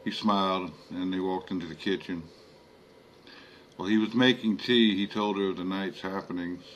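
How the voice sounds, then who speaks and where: A man narrating a horror story in a slow, measured reading. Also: deep voice, fairly even intonation, a bit bright, slight background noise.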